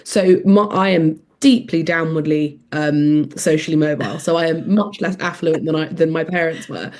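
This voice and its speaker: A woman's voice: deep voice, moderate pace, a little mellow. A woman with a posh English accent, speaking frankly and with self-mockery in an interview. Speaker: interviewee, mother. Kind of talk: candid interview.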